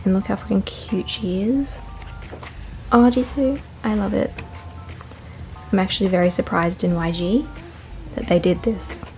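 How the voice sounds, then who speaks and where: A woman's voice: mid-range voice, unhurried, long pauses. Gushing young woman unboxing at home. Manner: gushing, excitable, many exclamations. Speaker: vlogger. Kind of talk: casual unboxing vlog. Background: soft background music.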